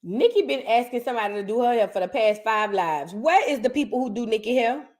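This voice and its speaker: A woman's voice: on the high side, lively intonation, fast. A woman with a Southern US accent, hosting a casual reaction show and chatting straight to her viewers. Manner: chatty, addresses viewers as y'all. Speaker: host.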